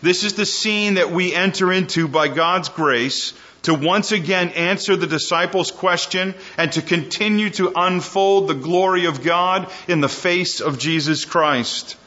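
A man preaching an expository sermon, slowing down and dropping his voice low on key phrases. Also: sharp tone, muffled recording.

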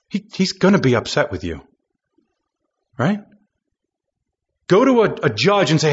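A male preacher with a slightly high, husky voice delivers a sermon. He reads scripture and acts out the people in it, climbing to impassioned peaks. The recording is dull and lo-fi. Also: huge pitch swings, moderate pace, long pauses. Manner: rising to impassioned high-pitched emphasis, acting out quoted voices.

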